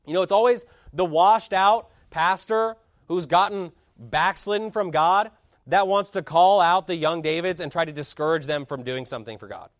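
A man preaches with fiery conviction, his fairly high voice surging to loud emphatic peaks, then sinking into low, hushed asides. The sound is close and dry, with no room echo. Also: normal speed. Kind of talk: sermon.

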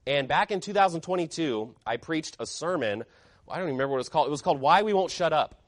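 A man's voice: on the high side, expressive, fast, dry recording, clean studio sound. A man preaching a sermon as pastor, emphatic and fiery, firing off rhetorical questions.

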